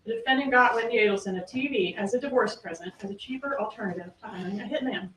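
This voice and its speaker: Fairly high-pitched, quick and a bit bright, a female prosecutor's voice drives an emphatic closing argument packed with rhetorical questions. The distant mic picks up an echoey room, faint ambience and slight background noise.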